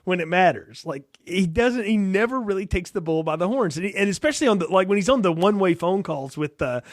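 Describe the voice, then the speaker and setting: Fields: Sex: man. Role: podcast co-host. Style: casual film review chat. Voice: high. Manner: animated, laughing, acts out lines. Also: quick pace, no echo, studio quality.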